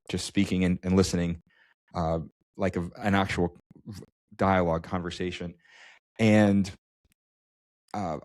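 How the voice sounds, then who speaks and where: A man's voice: sits low, no echo, studio quality. A man co-hosting a podcast, telling a personal story in casual chat with many restarts and stammers. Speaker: podcast co-host.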